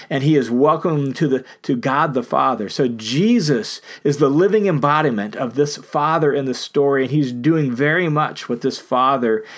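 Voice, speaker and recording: Earnest preacher man, mid-pitched. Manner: earnest storytelling with emphatic repetition. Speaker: pastor. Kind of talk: sermon.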